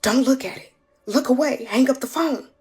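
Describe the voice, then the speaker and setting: A woman's voice: normal speed, breathy edge. A woman voicing a frightened, apologetic young wife who pleads urgently in a raised voice. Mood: panicked. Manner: urgent, higher-pitched pleading. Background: background music.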